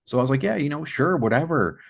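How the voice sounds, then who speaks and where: A man from Massachusetts, a podcast guest, telling his story in an animated way with many "you know" fillers. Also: a little high, fast, vocal fry, breathy edge. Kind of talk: storytelling in an interview.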